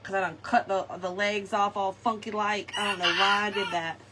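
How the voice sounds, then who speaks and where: Her voice is medium in pitch and level in tone, moving at a moderate pace as she crafts on a live stream and talks to her audience, often laughing. Heavy background noise and faint ambience come through the distant mic.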